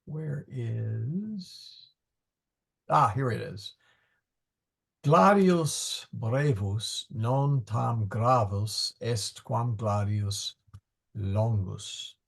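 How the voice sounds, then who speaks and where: A man teaching a Latin class, unhurried, often pausing to hunt through his notes and muttering asides to himself. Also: mid-range voice, vocal fry, breathy edge.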